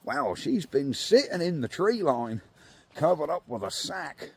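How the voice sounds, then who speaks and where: A man's voice: a little high, sing-song, measured pace, vocal fry, slightly rough. A man chatting cheerfully to viewers, recorded on a phone propped up in an outdoor yard. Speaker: vlogger. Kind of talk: casual chat to camera.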